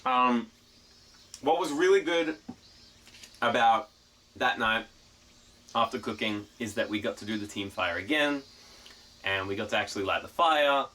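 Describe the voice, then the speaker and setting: A man chatting casually to his live stream, telling a story in a profane, rambling, animated way. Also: mid-range voice, unhurried, long pauses, far from the mic. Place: outdoors in the mountains.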